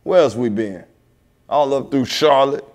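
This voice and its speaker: A man hosts a comedy talk show in a living room set, his voice sitting at an ordinary middle pitch. He tells road stories in brash, loose banter and curses freely. He stretches words out slowly for punch. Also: a little mellow. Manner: brash storytelling, heavy cursing, drawn-out emphasis. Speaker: comedian host. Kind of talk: casual profane banter.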